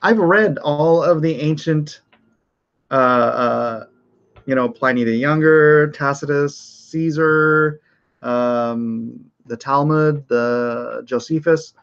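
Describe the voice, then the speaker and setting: A man's voice: a little high, takes it slowly, vocal fry, a bit bright, clean tone. A middle-aged man hosting a casual livestream, rambling with fillers and restarts and reading news aloud, his voice slightly off. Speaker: host of a livestream show. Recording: dull lo-fi stream audio.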